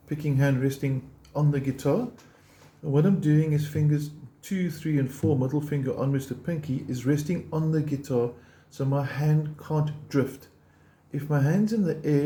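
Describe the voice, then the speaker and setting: A man teaching a guitar lesson, explaining picking step by step in a patient, encouraging way and counting beats aloud. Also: mid-range voice. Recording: roomy sound with loud guitar playing.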